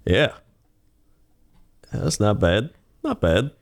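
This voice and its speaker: A laid-back man chatting on a podcast with a lowish voice that still moves around a lot. He agrees easily and laughs often. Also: big pitch swings, takes it slowly, vocal fry. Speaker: podcast co-host. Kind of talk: casual chat.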